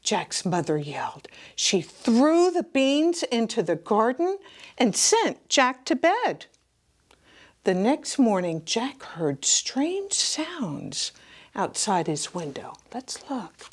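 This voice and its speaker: Animated woman reading picture books. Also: fairly high pitch, takes it slowly, slightly rough. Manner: animated, slipping into hushed whispers and gasps. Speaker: children's librarian. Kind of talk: reading a picture book aloud to children.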